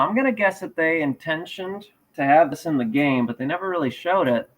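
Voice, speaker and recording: A man's voice: fairly high pitch, poor audio. A man hosting a casual live stream, rambling and joking at his own expense while he sets up and walks through a website. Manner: rambling, self-deprecating, talks while fixing gear. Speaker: livestream host.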